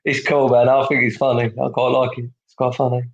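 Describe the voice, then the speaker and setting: A man's voice: mid-range voice, monotone, brisk, vocal fry, highs cut off. A man hosting a casual group chat, laughing a lot and calling people mate.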